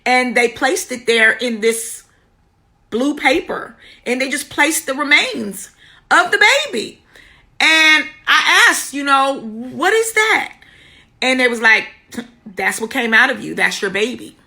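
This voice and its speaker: Middle-aged woman, high bright voice, earnest live stream testimony, keeps greeting viewers. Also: a little slow, creaky. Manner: personal, greets viewers by name mid-story; earnest, repeats key words for emphasis. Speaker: womb healing teacher.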